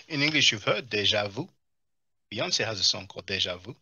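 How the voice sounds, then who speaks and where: Husky bright-voiced man mocking clips. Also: lowish voice, normal speed, no room sound, clean studio sound. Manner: mocking, animated, answers chat comments. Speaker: streamer reacting to clips. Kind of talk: live-stream commentary.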